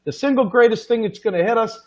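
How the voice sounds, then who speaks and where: A man's voice: very high voice, fast talker. A man hosting a show who rants in an exasperated, incredulous tone about what he hears on television. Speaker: show host. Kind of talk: ranting casual chat. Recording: dull lo-fi sound.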